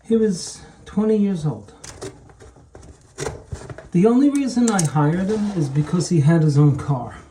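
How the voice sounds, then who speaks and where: A man's voice: high-pitched, a little hiss or hum. A middle-aged man who hangs wallpaper, telling chatty stories in a casual way while he works. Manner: slow, animated, chatty anecdotes. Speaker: wallpaper hanger. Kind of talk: casual storytelling while working.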